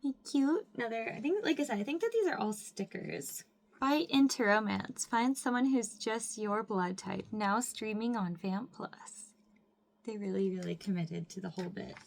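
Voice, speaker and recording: A young woman from Mississippi chatting through an excited unboxing, gushing, laughing often and filling with "like". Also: fairly high pitch, normal speed, vocal fry. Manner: gushing, squeals and laughs often, says "like" a lot. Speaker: vlogger. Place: home room with window.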